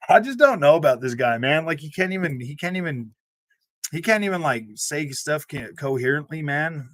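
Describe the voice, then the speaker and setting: A man's voice: fairly high pitch, animated, a little slow, pauses often, fairly bright tone, no room sound. A young man hosting a gaming channel, chatting casually and rambling, with lots of "man" and "dude" and frequent laughs, on a close desk mic. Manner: rambling, loose speech full of "man" and "dude", laughs often. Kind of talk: casual livestream chat.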